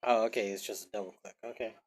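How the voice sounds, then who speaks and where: A fast-talking man with a lowish voice and fairly even intonation chats with viewers while streaming a game. The talk is loose and rambling, with the odd swear word and little scat hums.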